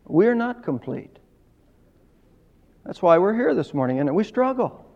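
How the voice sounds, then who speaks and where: A man's voice: high voice, big pitch swings, measured pace, vocal fry. A man preaching a sermon emphatically, his voice swelling and dropping in volume. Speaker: pastor. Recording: dull lo-fi sound with long hall reverb.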